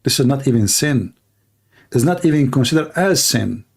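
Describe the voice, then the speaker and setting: A man hosting a confrontational livestream debate, talking emphatically and challenging his listeners, with a dry throat and frequent throat clearing. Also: mid-range voice, lively intonation, normal speed. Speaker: debater and host.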